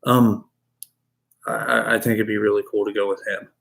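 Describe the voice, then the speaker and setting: Gravelly man chatting on a stream. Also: fairly low pitch, level tone, normal speed, a bit bright. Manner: chatty, talks to the animals and chat. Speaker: reptile keeper and streamer. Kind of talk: casual live-stream chat.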